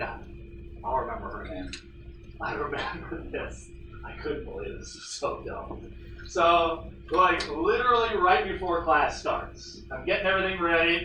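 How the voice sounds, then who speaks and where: A man's voice: a little high, normal speed, echoey room, distant mic, slight background noise, poor audio. A male history teacher lecturing his class, telling stories and acting out the voices he quotes. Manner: animated storyteller, acts out quoted voices. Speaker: high school history teacher.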